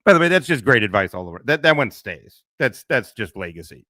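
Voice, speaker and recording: A man's voice: medium pitch, very animated, quick pace, hardly any pauses, sharp tone, dry recording. A middle-aged man hosting a casual livestream, rambling, swearing and laughing often into a close mic. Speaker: livestream host.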